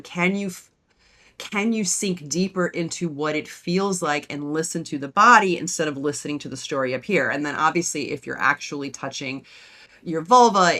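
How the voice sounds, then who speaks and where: Woman podcast host, low and bright-toned, frank and direct. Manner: direct, frank, asks questions, gives advice. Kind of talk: casual conversational podcast.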